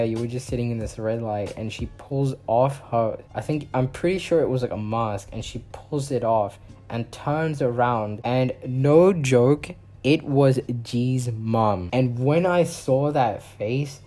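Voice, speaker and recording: Speaking a little slowly at a medium pitch, a young vlogger with a mellow tone tells a rambling story. He fills it with plenty of fillers, keeping it casual for his storytime video.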